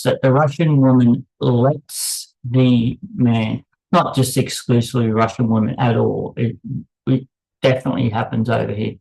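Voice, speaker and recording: A man's voice: mid-range voice, gravelly, rough recording. A man hosting an unscripted commentary, candid and blunt, rambling off on tangents as he talks. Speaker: channel host.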